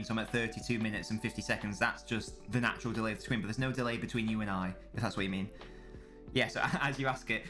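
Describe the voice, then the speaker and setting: A man's voice: mid-range voice, pushed and bright. A young man, casually chatting on a live stream about football, full of banter and swearing. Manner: banter-filled, swearing, answering chat. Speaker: streamer watching a football match.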